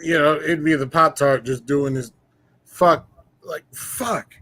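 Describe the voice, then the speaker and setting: Slightly high-voiced man cursing casually. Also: fairly even intonation, slow, bright, forceful tone, no echo. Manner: laid-back, profane banter. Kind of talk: casual chat.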